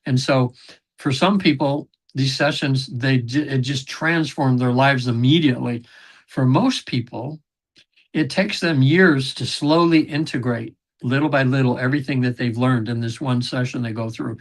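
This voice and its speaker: A man guest on a podcast, telling long rambling stories about his sessions, with many fillers, throat clearing and quoted voices. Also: medium pitch, normal speed. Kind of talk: casual interview storytelling.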